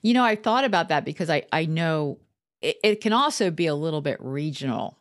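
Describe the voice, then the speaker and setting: A woman hosting an interview, asking curious questions and affirming her guest in a relaxed, conversational way. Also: deep voice, a little fast, no room sound, clean studio sound. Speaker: podcast host.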